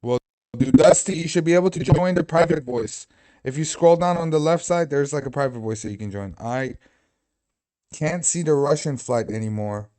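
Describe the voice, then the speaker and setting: A man's voice: a little high, normal speed, mellow. A man hosting a casual livestream, chatting loosely, swearing and getting distracted. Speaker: livestream host.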